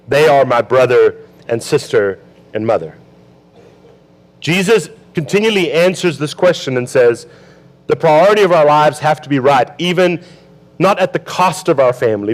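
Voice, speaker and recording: A man's voice: on the high side, poor audio. A male pastor preaching a sermon in a conversational way, asking the congregation questions and acting out Bible quotes.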